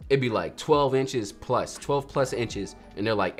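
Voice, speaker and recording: A man's voice: lowish voice, measured pace, hardly any pauses. A man, casually chatting with viewers on his photography livestream and joking as he reads their messages. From North Carolina, USA. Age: 30s. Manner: lively, jokey, reads chat aloud, acts out quotes. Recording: faint music behind.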